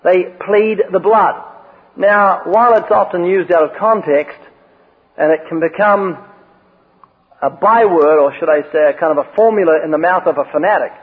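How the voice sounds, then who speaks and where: High-voiced man preaching over tinny radio. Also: moderate pace, husky. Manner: storytelling with emphatic quotes. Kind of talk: sermon. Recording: tinny phone-like radio broadcast with long reverb.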